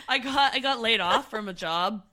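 Sick, raspy-voiced Canadian woman co-host, bright tone, frank joking chat. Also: fairly high pitch, expressive, measured pace. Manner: joking, frank, laughs often. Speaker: podcast co-host. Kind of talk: casual chat.

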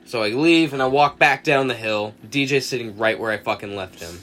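A man's voice: mid-range voice, brisk. Young man telling a rowdy story. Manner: animated anecdote teller, acts out quotes, swears often. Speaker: podcast co-host. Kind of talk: casual storytelling chat.

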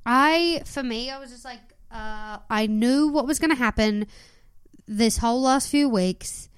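A woman's voice: on the high side, unhurried, smooth, dry recording, studio quality. A woman co-hosting a casual podcast, making sarcastic and crude jokes about a dating show. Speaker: podcast co-host. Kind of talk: casual chat.

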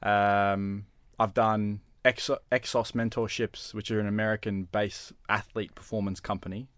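A man's voice: on the low side, little pitch movement, moderate pace, fairly bright tone, no room sound. Earnest male trainer, podcast guest, dry close sound, thinks aloud. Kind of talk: casual chat.

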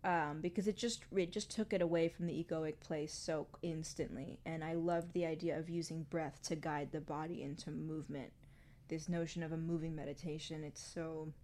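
A woman's voice: sits low, steady tone, moderate pace, a little mellow, slight background noise. A woman guest on a conversational interview, a singer-songwriter who talks earnestly and effusively and swears casually.

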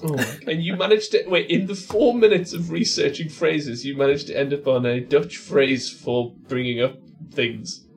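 A man in casual comedic podcast chat, playful and quick to laugh. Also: on the high side, steady tone. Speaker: podcast co-host, quiz contestant.

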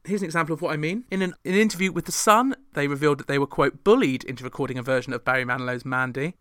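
A man's voice: on the high side, pushed and bright, clear, resonant tone, dry recording, clean studio sound. A man hosting a chatty pop chart commentary with wry, sarcastic asides. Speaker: host.

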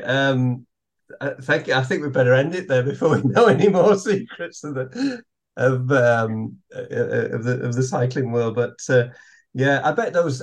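A man hosting an interview, speaking hesitantly with many fillers as he wraps up. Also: medium pitch. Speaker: interview host. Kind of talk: casual interview chat.

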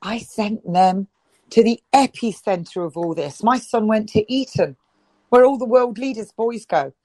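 In this rough, dry recording with no room sound, a middle-aged woman from the UK gives impassioned interview answers. Her mid-range voice is mellow and a little slow, and she keeps repeating herself and restarting her sentences with emphasis.

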